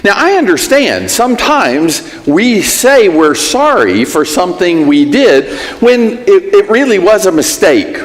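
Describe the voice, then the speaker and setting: Lively man teaching a church class. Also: sits high, measured pace, long reverb tail. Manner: conversational, gives everyday examples and acts out sample apologies. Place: church hall.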